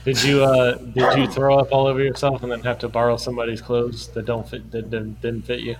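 A man's voice: medium pitch, flat delivery, a little fast, slight background noise, rough recording. A man in casual podcast chat, teasing a friend and explaining things in a dry way. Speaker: podcast co-host.

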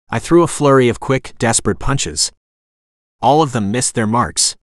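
A man's voice: medium pitch, expressive, moderate pace, no room sound. Dry, close male audiobook narrator. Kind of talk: scripted first-person narration.

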